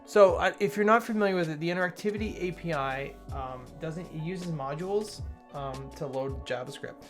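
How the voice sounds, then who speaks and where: A man's voice: on the high side, normal speed, soft background music. A man hosting a casual livestream, reading changelog items aloud, greeting chat viewers and rambling with frequent self-corrections. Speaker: livestream host reviewing software updates.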